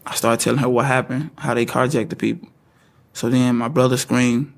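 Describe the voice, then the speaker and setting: Halting man recounting events. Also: medium pitch, flat delivery, gravelly. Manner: halting, repeats words as he speaks. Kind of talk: spoken first-person account.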